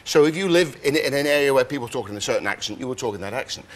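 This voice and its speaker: Animated older man explaining science. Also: mid-range voice, racing. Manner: animated, demonstrates sounds and voices. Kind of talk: lively explanatory chat.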